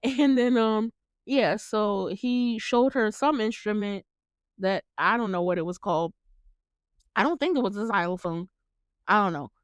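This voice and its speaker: Smooth-voiced chatty woman. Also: mid-range voice, unhurried, no room sound, studio quality. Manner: chatty, laughs often, acts out the characters' lines; swears casually. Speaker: podcast host recapping a movie. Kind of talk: casual chat.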